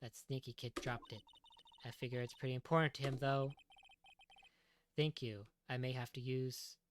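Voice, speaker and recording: A woman's voice: extremely low pitch, steady tone, moderate pace, background noise. A woman streamer reading a game's dialogue aloud with her own quips. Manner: quips and mock voices while reading. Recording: faint music underneath.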